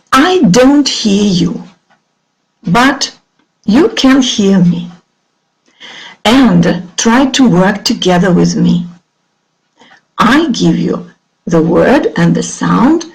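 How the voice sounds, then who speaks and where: This middle-aged Russian-accented woman gives an online English lesson, pronouncing clearly and slowly drilling vocabulary while she waits for pupils to echo her. She has a mid-range voice, and the sound quality is poor.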